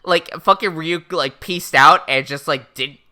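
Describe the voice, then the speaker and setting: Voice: mid-range voice, unhurried, pushed and bright. A podcast co-host chatting casually about an anime, swearing freely and mimicking the characters. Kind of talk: casual chat recapping anime.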